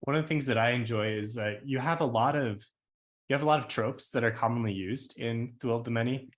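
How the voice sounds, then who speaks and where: A man's voice: mid-range voice, fairly quick. A man co-hosting a podcast, chatting casually and asking long, rambling questions. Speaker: podcast co-host.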